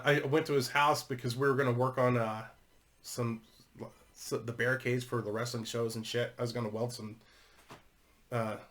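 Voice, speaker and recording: A man's voice: mid-range voice, fairly bright tone. A man telling a long rambling story to his viewers, swearing constantly and laughing as he goes. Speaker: YouTuber.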